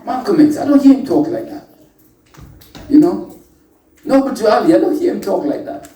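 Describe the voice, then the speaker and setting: A man with a high, mellow voice talks unhurriedly to a live audience, using lively intonation and long pauses. As a spiritual workshop speaker, he keeps things chatty and playful, calling out to people and making wordplay jokes. The meeting room is echoey and the mic is distant.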